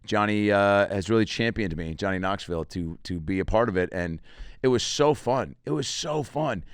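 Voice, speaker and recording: A man in his thirties, a comedian hosting a podcast, telling stories in an animated way and jumping into voices. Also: on the low side, smooth, no echo, studio quality. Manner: animated storytelling, jumps into voices. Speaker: comedian host. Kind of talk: comic podcast monologue.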